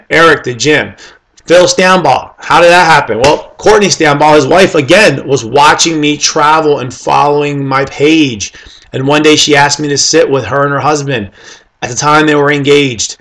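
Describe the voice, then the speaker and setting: A man telling his team casual, animated stories about recruiting people, acting out the conversations and speaking to his listeners directly. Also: fairly high pitch, moderate pace. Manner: animated, acts out quoted conversations; addresses listeners directly with "okay?" and "guys". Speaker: network marketing team leader.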